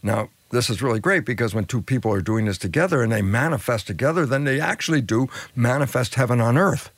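An older man speaks as an interview guest, teaching through stories and voicing the people in them. His pitch leaps high and drops low for emphasis. The sound is close and dry. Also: animated, quick pace, dry recording. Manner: acts out quoted dialogue, swings pitch widely for emphasis. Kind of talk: animated storytelling explanation.

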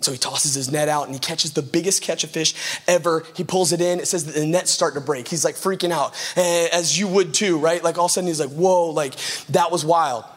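A pastor in his 30s, whose voice sits high for a man, delivers a brisk, easygoing sermon in a conversational style. He keeps it lively and casual, acting out little voices, dropping slang, and laughing.

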